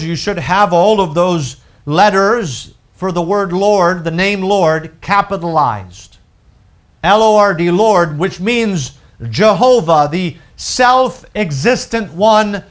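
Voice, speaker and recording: A man delivers a sermon in a fairly high voice. He speaks slowly and with emphasis, pausing on key words and repeating important phrases. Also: a bit bright. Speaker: preacher.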